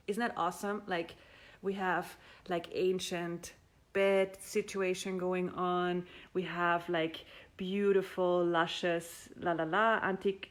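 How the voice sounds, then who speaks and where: Woman, playful, animated, acts out voices, live stream from a castle suite. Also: lowish voice. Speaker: host. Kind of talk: casual live-stream talk.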